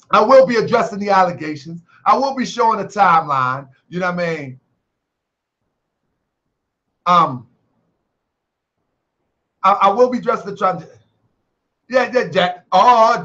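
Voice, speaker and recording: High-voiced man hosting a stream. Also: lively intonation, slow, pauses often, bright, forceful tone, highs cut off. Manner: playful, laughs often, street slang. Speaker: host of an online talk show. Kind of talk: casual live-stream talk.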